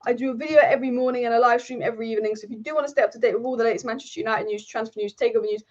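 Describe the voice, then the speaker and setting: A woman's voice: a little high, steady tone, very fast. A young woman hosting a casual football live stream, chatty and repeating herself with frequent ums. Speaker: football channel host. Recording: slightly dull lo-fi sound.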